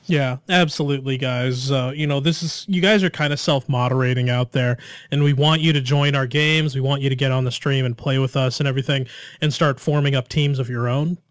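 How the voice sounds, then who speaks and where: A man's voice: medium pitch, steady tone, brisk, dry recording, studio quality. A man hosting a casual gaming podcast, upbeat and encouraging as he talks straight to his listeners. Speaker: podcast host.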